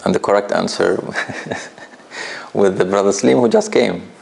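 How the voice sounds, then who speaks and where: A man's voice: fairly low pitch, slow pace, gravelly, slight background noise. A man teaching a tajweed class in an office, patient and laughing often as he asks the students questions. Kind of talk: classroom lesson.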